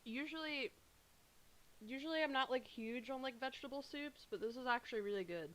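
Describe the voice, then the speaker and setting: A woman's voice: sits high, fairly quick, fairly bright tone. Chatty woman streamer eating on mic. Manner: chatty and upbeat, talks while eating. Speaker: live streamer. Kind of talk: casual livestream chat. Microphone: computer mic.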